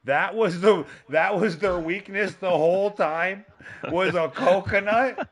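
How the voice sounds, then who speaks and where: Rambling, animated podcast host man. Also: high voice, a little slow. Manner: rambling, animated, laughs often. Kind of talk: casual chat.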